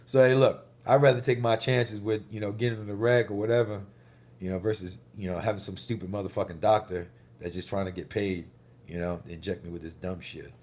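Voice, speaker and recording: Deep-voiced profane man ranting about a wreck. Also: steady tone, brisk, a little mellow. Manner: rambling, profane, heated storytelling. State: recovering from a car wreck, banged up. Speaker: vlogger. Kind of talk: casual vlog monologue.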